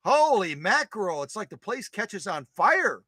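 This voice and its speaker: Hosting a sewing machine live stream, a man chats casually and jokes with his viewers, animated and exclaiming. His voice is high-pitched, husky and unhurried.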